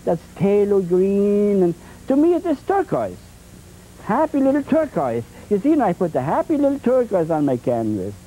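A man demonstrating oil painting on a 1980s TV show, talking in a halting, repetitive way with many fillers and playful folksy phrases. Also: high-pitched, huge pitch swings, warm tone, a little hiss or hum, low-quality recording. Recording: 1980s TV tape transfer.

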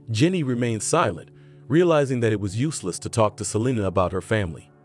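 A man narrating a scripted story in a steady, even reading voice. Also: lowish voice, fast talker, faint music behind.

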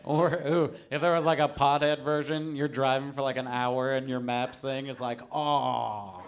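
A man's voice: mid-range voice, flat delivery, normal speed. A man performing a live stand-up comedy set on stage, talking in an offhand, dry way and breaking into silly voices. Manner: offhand, dry delivery broken by sudden silly put-on voices. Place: comedy stage before a live studio audience. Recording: audience laughter behind. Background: crowd laughing.

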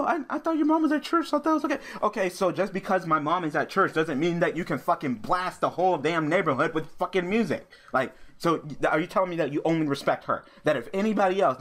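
A gaming YouTuber with a slightly high, somewhat bright voice commentates a card game as he plays it. Along the way he vents, telling a profane, ranting story.

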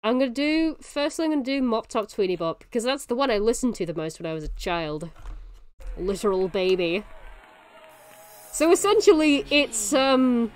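A young woman in her twenties streaming a game, excitable and laughing often, swearing freely. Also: on the high side, moderate pace, faint music behind. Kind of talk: casual livestream commentary while gaming.

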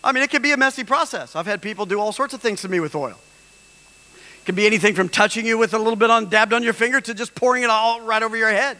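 A man preaching a sermon as pastor, emphatic and rising at times to shouts. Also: high-pitched, fast. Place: church hall. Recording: long reverb of a large hall.

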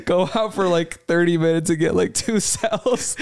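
A man's voice: high-pitched, moderate pace, creaky, crowd noise. A young man hosting a podcast, telling summer job stories in casual chat, laughing often and swearing freely. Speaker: podcast host.

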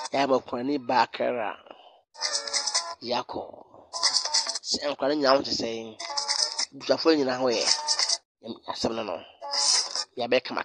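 A man presenting online news commentary, animated and repeating phrases for emphasis. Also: medium pitch, vocal fry. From Ghana.

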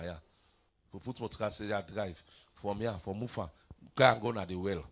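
A middle-aged man preaching a revival sermon, mixing pidgin into his English with sudden shouts and playful asides. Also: fairly low pitch, normal speed, pauses often.

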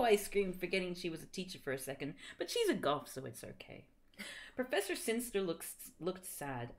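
A woman's voice: lowish voice, normal speed. A young woman reading fan fiction aloud on a stream, joking and laughing along. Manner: animated, laughing, joking asides.

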